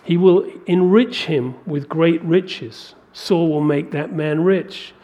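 A man with a high voice delivering a sermon. His preaching is emphatic, rising to forceful peaks as he drives each point home. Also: slow pace, dull audio.

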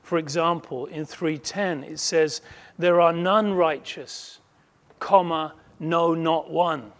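A man preaching a sermon, emphatic, swinging between loud declarations and quiet asides, acting out quoted voices. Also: on the high side, steady tone. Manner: slow, measured delivery with quoted voices acted out.

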